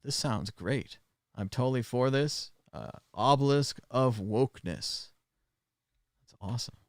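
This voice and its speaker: A man's voice: medium pitch, expressive, measured pace, dry recording, studio quality. A man hosting a casual news commentary livestream, chatty and sarcastic, with lots of filler sounds. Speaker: show host.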